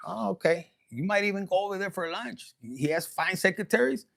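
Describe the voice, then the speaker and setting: A man's voice: high voice, animated, brisk, gravelly, a bit bright. A man giving a casual, rambling and bawdy tarot reading, joking and slipping into Spanish. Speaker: tarot reader.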